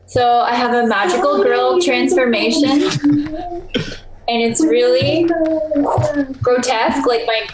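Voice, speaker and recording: A woman's voice: on the high side, takes it slowly, long pauses. A young woman playing a tabletop game, eager and chatty, swearing casually. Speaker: player. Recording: echoey room, faint noise.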